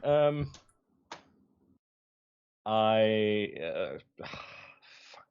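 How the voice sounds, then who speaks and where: Hesitant male tabletop player, lowish voice, muffled lo-fi recording. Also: expressive, drawn-out words, clean tone. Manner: hesitant, stammering restarts. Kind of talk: playing a tabletop game.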